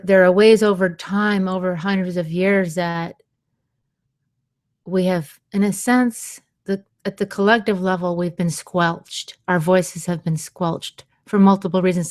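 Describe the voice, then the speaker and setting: A woman hosting a radio show on sound healing, talking gently and unhurriedly, with soft laughs and quiet asides. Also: fairly low pitch, dry recording, studio quality. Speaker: radio show host and vocal sound healer. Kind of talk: slow, soothing radio talk.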